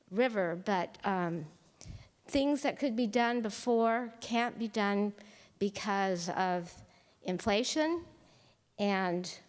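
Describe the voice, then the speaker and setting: Woman resident, earnest and measured, public comment, hall reverb. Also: mid-range voice. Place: school meeting hall.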